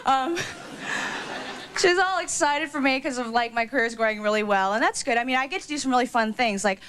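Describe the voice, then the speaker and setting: A woman doing a stand-up routine on stage, gossipy and quick with asides and fillers. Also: on the high side, a bit bright, slight background noise. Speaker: stand-up comedian.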